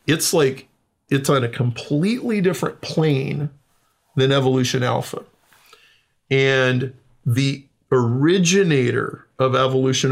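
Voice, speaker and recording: A man's voice: mid-range voice, vocal fry. A man explaining ideas in casual talk, emphatic and often checking in with "okay?".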